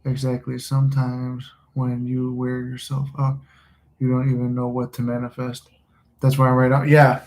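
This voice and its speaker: Male host, rambling casual livestream talk, flat and mellow, roomy phone sound. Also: medium pitch, normal speed, slight background noise. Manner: rambling, loose and profane. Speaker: manifesting channel host. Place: room at home, smoking a cigar. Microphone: phone recording. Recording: echoey room.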